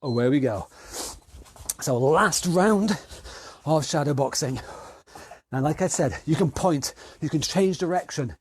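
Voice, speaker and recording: British male trainer, slightly high voice, stuffy nose, encouraging, counts down rounds. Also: expressive, a little slow, long pauses, husky, dry recording. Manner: upbeat, encouraging, counting down reps. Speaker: fitness instructor. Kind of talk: online exercise class instruction.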